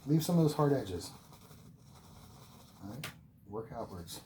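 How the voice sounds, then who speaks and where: A man's voice: mid-range voice, animated, unhurried, mellow. A man teaching oil painting as he works, talking the viewer through each stroke in an encouraging, repetitive way, sometimes moving away from the mic. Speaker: painting instructor. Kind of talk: relaxed painting tutorial. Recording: faint background noise.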